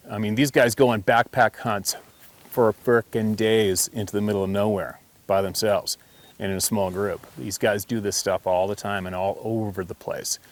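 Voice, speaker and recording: A man hosting a hunting channel, telling a story in a blunt, emphatic, rambling way. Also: lowish voice. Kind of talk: casual storytelling to camera.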